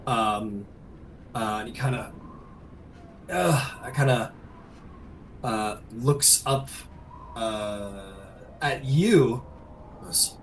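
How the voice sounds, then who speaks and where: A man narrating as game master of a tabletop game, relaxed, with many fillers. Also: medium pitch, extremely slow, long pauses, a little hiss or hum, poor audio.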